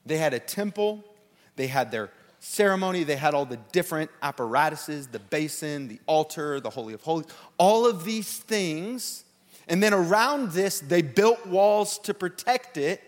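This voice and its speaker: A man with a high, light voice preaches to a live church service. He tells his stories in an animated way, leaping into shouted, panicky re-enactments before settling back into teaching. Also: moderate pace, in a large hall. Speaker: pastor. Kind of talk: sermon.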